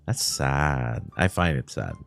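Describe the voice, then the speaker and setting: Lively whiny man with Quebec French accent. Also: extremely low pitch, slow pace, gravelly, soft background music. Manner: whiny, ranting, laughs often, swears. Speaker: streamer. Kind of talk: casual livestream chat.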